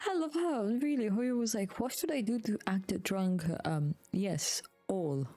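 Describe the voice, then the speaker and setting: Mellow-voiced woman streamer. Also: mid-range voice, unhurried, soft background music. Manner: chatty, mumbling asides, swears. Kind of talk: casual gameplay commentary.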